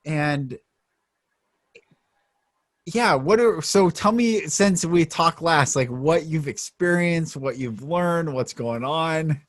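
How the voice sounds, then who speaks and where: A male host speaking very slowly and gently, with a slightly high voice for a man. He sounds affirming and unhurried, recorded close with a dry sound. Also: expressive, no room sound. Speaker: podcast host. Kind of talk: casual conversation.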